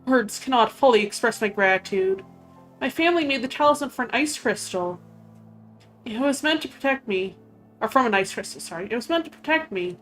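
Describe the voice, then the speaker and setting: A woman's voice: on the high side, lively intonation, fairly quick, a bit bright, soft background music, pitched above the performer's own voice. A woman reading a hot-tempered male knight's dialogue aloud, in a raised, emphatic voice. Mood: grateful. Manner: reads quest dialogue aloud with lifted emphatic delivery.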